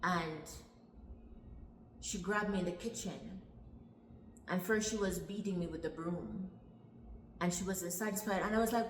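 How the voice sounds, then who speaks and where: Woman telling her life story in an echoey room. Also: lowish voice. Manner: earnest, repeats phrases, long pauses. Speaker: storyteller recounting her childhood. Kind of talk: personal storytelling vlog. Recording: echoey room with long reverb, faint background hiss.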